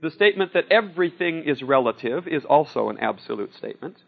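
Speaking fast with vocal fry, this fairly high-pitched preacher is very animated as he preaches in a conversational style before a live audience in a room. He shares personal stories and keeps asking "See?" and "Okay?", captured on a dull lo-fi recording.

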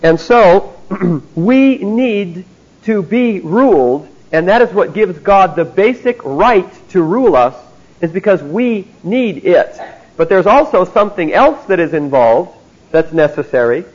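This Bible teacher's voice is high yet darkish in tone, animated, and measured in pace as he lectures a classroom on theology. He stresses his points and keeps asking "see?" of his students. The sound quality is dull and lo-fi.

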